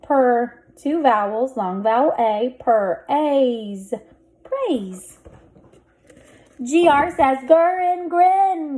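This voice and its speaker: A woman leads a phonics lesson, breaking each word into its sounds and then blending them together. Her pace is extremely slow and deliberate, and her voice sits somewhat high. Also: animated, darkish tone. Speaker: reading teacher.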